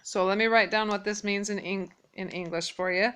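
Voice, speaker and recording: Smooth-voiced woman teaching Mandarin. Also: mid-range voice, steady tone, a bit bright. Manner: patient, repeats Mandarin phrases slowly and clearly. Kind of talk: casual spoken language lesson.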